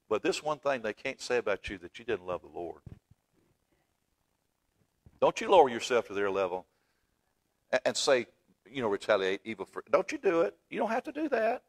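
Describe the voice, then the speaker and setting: A man preaching a fervent sermon in a church, swinging from loud exclaiming to hushed asides. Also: medium pitch. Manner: fervent, swings from shouting to near-whisper. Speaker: pastor. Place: church sanctuary.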